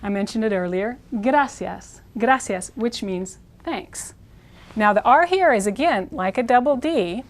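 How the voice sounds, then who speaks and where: A woman's voice: on the high side, animated. Careful, patient woman teaching Spanish words. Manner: slow, careful modeling of Spanish words, repeated for practice. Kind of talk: instructional video lesson.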